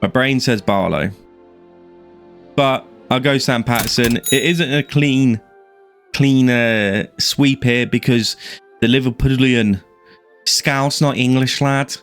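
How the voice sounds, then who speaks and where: An Irish MMA YouTuber rambles casually through fight predictions on his channel, full of fillers and restarts. He speaks slowly at a medium pitch over soft background music.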